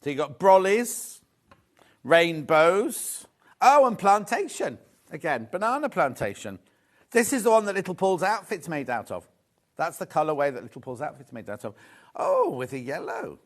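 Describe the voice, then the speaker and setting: This middle-aged man is a shopping channel host on a live sewing broadcast from a TV studio, enthusing about fabrics and ribbing his crew in easygoing banter. His fairly high voice swoops wildly in pitch while he keeps a moderate pace.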